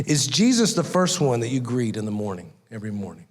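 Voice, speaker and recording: A man's voice: mid-range voice, very animated, fast, hardly any pauses. A man preaching a conversational sermon as a guest speaker, telling folksy stories and acting out little voices in his anecdotes. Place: church sanctuary. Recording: long hall reverb.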